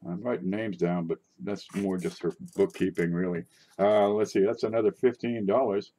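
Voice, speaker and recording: A man hosting a coin collecting show in casual livestream chat from his desk, rambling and chatty with sudden excited outbursts. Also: sits low, moderate pace. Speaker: coin collecting channel host.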